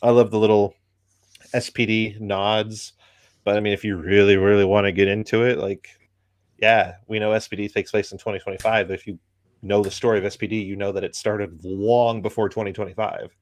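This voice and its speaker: A man's voice: on the low side, level tone, fairly quick, dry recording, clean studio sound. A man in casual chat, giving an opinionated critique full of ums and likes. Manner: rambling, many ums and likes.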